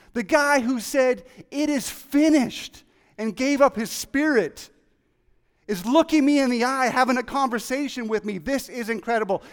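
An excitable preacher with a very high, light voice delivers his sermon, acting out the people in the story as he goes. The sound rings with the long reverb of a large hall. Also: clean tone. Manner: excitable, animated, acts out quoted voices. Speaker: pastor.

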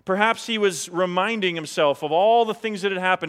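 A high-voiced man preaching a sermon, animated, slipping into the voices of the people he quotes. His words ring out in a church sanctuary with a long reverb trailing behind. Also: fairly quick, clean tone. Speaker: pastor.

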